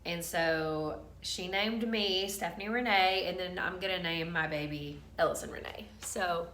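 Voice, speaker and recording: A woman's voice: fairly low pitch, unhurried, fairly bright tone, a little hiss or hum. A woman vlogger casually telling a candid, emotional personal story to camera. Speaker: vlogger sharing a pregnancy update. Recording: roomy echo.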